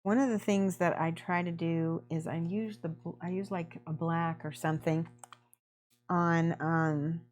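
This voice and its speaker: A woman's voice: lowish voice, steady tone, unhurried, a little mellow. A woman hosting a miniature painting livestream, chatting effusively and thanking viewers by name while she works.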